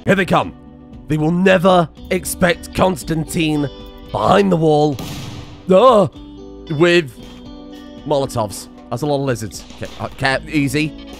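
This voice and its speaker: Excitable gamer man, lively pitch. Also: unhurried, long pauses, soft background music. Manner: excitable, laughing often, sarcastic asides. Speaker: gaming channel host. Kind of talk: let's play commentary.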